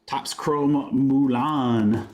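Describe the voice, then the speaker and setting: A man's voice: mid-range voice, steady tone, very slow, darkish tone, roomy sound, slight background noise. A man hosting a trading card break, rattling off card names with chatty asides to his viewers. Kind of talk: casual livestream commentary while opening packs.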